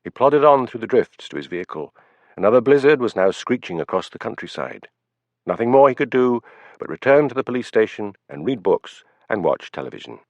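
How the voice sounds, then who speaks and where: A man narrating an audiobook in a measured storytelling manner, in a dull, dry recording. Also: medium pitch, no room sound. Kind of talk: scripted narration.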